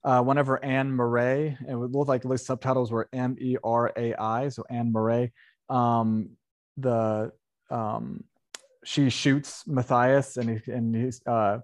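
A man's voice: mid-range voice, little pitch movement, measured pace. A man hosting a casual movie review chat, talking in a rambling way with many fillers and self-corrections. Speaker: podcast host.

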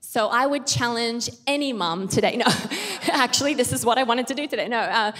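A woman's voice: on the high side, moderate pace, a bit bright. A woman, giving a casual, humorous sermon in a chatty, self-deprecating way with playful asides. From Australia. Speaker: pastor. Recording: long hall reverb.

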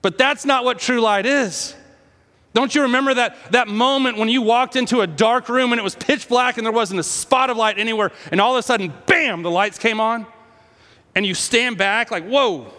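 A pastor from the United States preaching a sermon with impassioned delivery, swinging between hushed tones and raised, quoted lines. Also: male voice, extremely high pitch, fairly quick, big-room sound.

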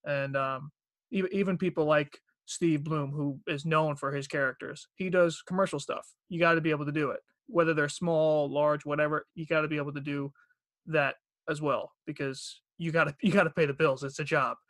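A New man chatting as a podcast guest, loose and full of fillers. His voice is a shade higher than most men's. The podcast mic gives a close, dry sound. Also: moderate pace, no room sound. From Long Island, New York. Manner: relaxed, rambling, heavy on fillers. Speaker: guest voice actor. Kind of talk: casual podcast chat. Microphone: podcast microphone.

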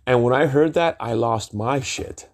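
A man's voice: medium pitch, unhurried. A middle-aged man vlogging, telling a rambling personal story in an emphatic, digressive way and swearing freely.

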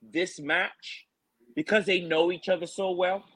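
A man co-hosting a fight preview show, ranting in an animated, mocking and exasperated way. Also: high-pitched, measured pace, slightly rough, low-quality recording. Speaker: MMA show co-host.

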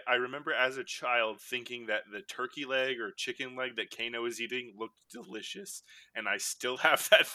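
A man's voice: mid-range voice, no echo. A man hosting a casual movie-rewatch podcast, chatty and jokey, often laughing as he talks. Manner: animated, laughing, jokey asides. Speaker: podcast host.

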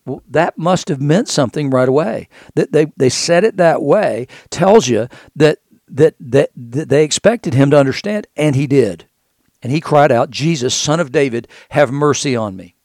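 A man's voice: a little high, lively intonation, moderate pace, darkish tone, dry recording, studio quality. A man preaching a conversational sermon, reading scripture aloud and explaining it, often repeating words as he thinks.

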